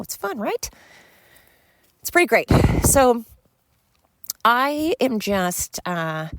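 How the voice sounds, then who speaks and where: A woman's voice: mid-range voice, no echo. A middle-aged woman hosting a podcast, talking in a rambling, candid and profane way while she walks outdoors with her dogs. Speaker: podcast host. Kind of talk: casual monologue.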